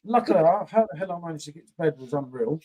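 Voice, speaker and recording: Man, husky, lively pitch, sheepish, pleading, laughing. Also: very fast. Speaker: guest. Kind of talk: casual banter on a live stream.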